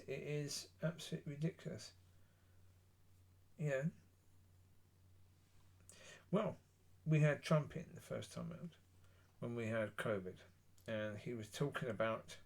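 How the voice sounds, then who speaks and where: A man with a gravelly, husky voice delivers a blunt solo monologue on politics. He talks in a rambling way, with pauses. His pitch sits in a middle range for a man. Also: darkish tone. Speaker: political commentator.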